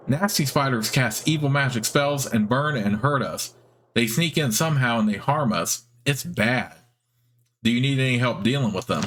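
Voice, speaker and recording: A man voicing a simple, friendly giant spider with a squeaky, high-pitched voice, reading game dialogue. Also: fairly bright tone, a little hiss or hum, natural voice. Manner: naive, chirpy, short simple sentences.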